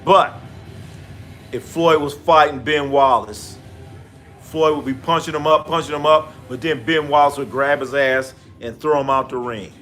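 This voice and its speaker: A man's voice: fairly high pitch, unhurried, soft background music. A man hosting a live sports stream, chatting casually and profanely, telling stories and reading out chat names. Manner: animated when acting out stories. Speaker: livestream sports host. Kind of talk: casual live commentary and storytelling.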